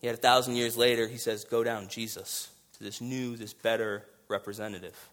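A man preaching a sermon, moving between hushed, quiet passages and loud, emphatic rises, with casual conversational asides mixed in. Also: medium pitch, flat delivery, normal speed. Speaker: pastor.

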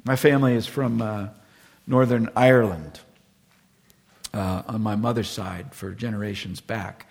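A middle-aged man preaching a sermon as pastor, earnest and sometimes dropping to a hushed, solemn tone. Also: on the low side, steady tone, unhurried, gravelly, husky, in a large hall.

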